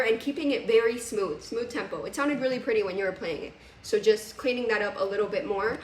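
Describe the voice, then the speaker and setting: A woman's voice: on the high side, reverberant, recorded from a distance. A woman teaching a piano lesson on video, chatty and casual, laughing now and then. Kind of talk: recorded music lesson. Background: piano playing.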